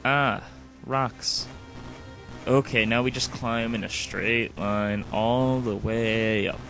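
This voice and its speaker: A man casually narrating his video game play, rambling from one thing to the next and leaning on "like" as a filler. His voice sits at a middling pitch, and faint music plays behind him. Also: steady tone, slow pace, vocal fry, fairly bright tone. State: sleepy. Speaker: let's play host. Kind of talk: casual gameplay commentary.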